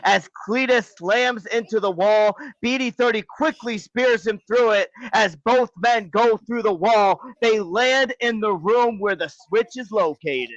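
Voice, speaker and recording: High-voiced laid-back male commentator. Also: a little slow, hardly any pauses, a bit bright, no echo, muffled recording. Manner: laid-back, slangy, joking. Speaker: wrestling commentator and host. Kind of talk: reading wrestling play-by-play, casual banter.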